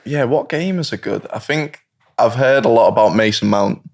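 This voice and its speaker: A man's voice: medium pitch, normal speed. A man, chatting casually as a guest and telling laid-back stories. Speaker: guest, professional footballer. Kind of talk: casual chat.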